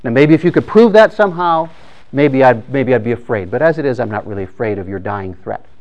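A man voicing a calm, polite samurai swordsman in a spoken story. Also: medium pitch, fairly quick, lo-fi sound, natural voice.

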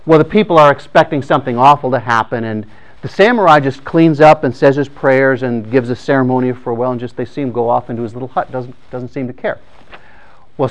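A man telling a story in a sermon, speaking conversationally with frequent restarts. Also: medium pitch.

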